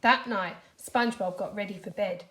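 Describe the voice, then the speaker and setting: A primary school teacher with a British accent reading a storybook aloud to children, expressive and animated. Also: female voice, mid-range voice, normal speed, a little hiss or hum. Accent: British English.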